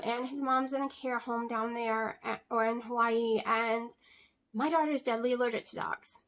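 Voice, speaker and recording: A high-pitched woman talks casually to her camera. She rambles warmly from one aside to the next, full of little fillers. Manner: chatty, many fillers and asides. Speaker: vlogger.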